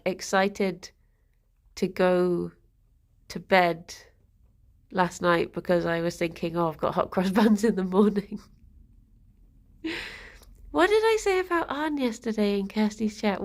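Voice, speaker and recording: A woman streams a cosy morning chat, reading messages aloud and softly cooing to her rabbits. Her mid-pitched voice has a noticeable gravelly fry running through it, and her talk stays loose and conversational. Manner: chatty, reads and answers chat, coos to her rabbits. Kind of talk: casual livestream chat.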